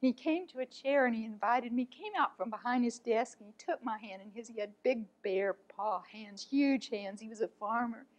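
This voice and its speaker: A woman, an art teacher, telling a personal story in an earnest, heartfelt way, often speaking softly. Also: a little high, moderate pace, hardly any pauses, low-quality recording.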